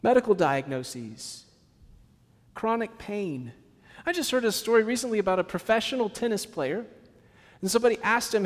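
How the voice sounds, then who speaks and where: A man preaching a sermon as pastor, acting out quotes and dropping to a soft hush on sad points. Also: high-pitched, animated, normal speed, long reverb tail.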